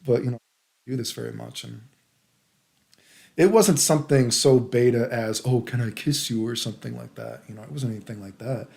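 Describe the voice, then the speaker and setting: A man's voice: medium pitch, brisk, gravelly, a little mellow. A man from the United States telling a story in a casual vlog, rambling and crude, peppering his talk with "dude" and "right?".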